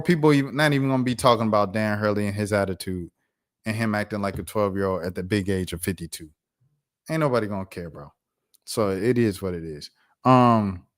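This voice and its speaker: A young man hosting a sports commentary channel, reading news articles aloud and breaking off into animated, incredulous rants full of slang. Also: on the low side.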